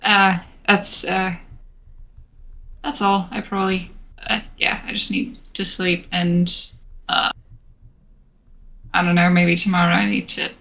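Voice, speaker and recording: A woman player speaking in character in a tabletop game, quiet and hesitant, trailing off. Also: on the low side, flat delivery, slow pace, vocal fry, pauses often, low-quality recording. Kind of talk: tabletop role-play in character.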